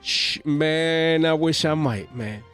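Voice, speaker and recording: Hype host, man, slangy and excitable, a bit higher voice, faint music bed. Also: takes it slowly, clean tone. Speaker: card market channel host. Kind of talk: hyped market commentary. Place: home.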